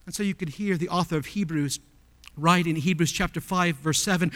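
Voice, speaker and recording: High-voiced preacher in a reverberant hall. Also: male voice, fairly quick. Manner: asks the congregation rhetorical questions, swings from hushed to loud. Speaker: pastor. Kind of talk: sermon.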